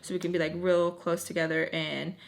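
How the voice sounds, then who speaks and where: A young woman vlogger telling a casual storytime, rambling along with plenty of "like" fillers and animated retelling. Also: fairly low pitch, a little fast, gravelly.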